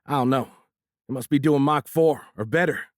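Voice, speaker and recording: A man voicing a nervous young fighter pilot, speaking higher and louder with a put-on Appalachian hillbilly drawl. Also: normal speed, no echo, studio quality, close to an everyday voice. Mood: shocked.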